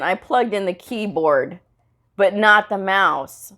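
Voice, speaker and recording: A woman's voice: mid-range voice, measured pace. A woman who teaches medical coding, chatting casually in a vlog and telling a story about her workday, laughing often and acting out the dialogue. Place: at home after work.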